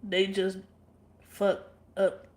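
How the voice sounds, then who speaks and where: A woman's voice: medium pitch, monotone, very slow, a little mellow, reverberant. A woman chatting casually and bluntly with her livestream viewers, swearing freely and laughing often. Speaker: livestream vlogger.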